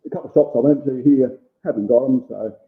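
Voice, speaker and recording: A man's voice: medium pitch, quick pace. A man, a guest in a casual chat, giving short, hesitant answers with many "um"s. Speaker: guest, jerky maker. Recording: tinny phone-like line.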